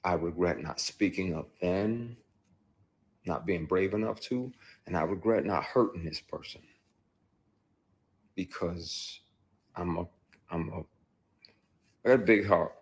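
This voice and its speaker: A man with a very low, husky voice tells a story candidly over a phone livestream. He speaks with heated emphasis, pushing into loud bursts before dropping back down. The grain in his voice stays rough throughout. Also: unhurried, pauses often. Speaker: actor. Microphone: phone on a live stream.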